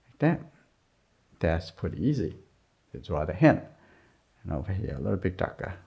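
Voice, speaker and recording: A man teaching a drawing lesson as he works, talking softly in short, simple, broken phrases. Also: sits low, big pitch swings, moderate pace, gravelly. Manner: soft-spoken, murmuring, simple broken phrasing. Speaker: art teacher. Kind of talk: drawing lesson narration while working. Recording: dull lo-fi sound.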